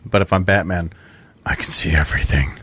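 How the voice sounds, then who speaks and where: A man playing in a tabletop game, chatting in a relaxed, joking way. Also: low voice, brisk, husky. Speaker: player. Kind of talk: casual game chat.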